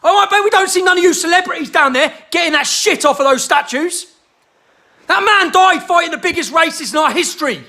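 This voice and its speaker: A man delivering a heated, shouting rant to the camera. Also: very high-pitched, lively intonation, brisk.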